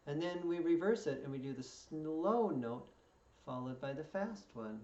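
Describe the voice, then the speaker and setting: A man's voice: a little high, lively intonation, loud music behind the voice. Male fiddle instructor, patient, counts in; distant, roomy, dull recording. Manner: patient, counts in slowly before each play-through. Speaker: fiddle teacher. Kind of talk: step-by-step music lesson. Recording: echoey room, distant mic, dull sound. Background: fiddle playing.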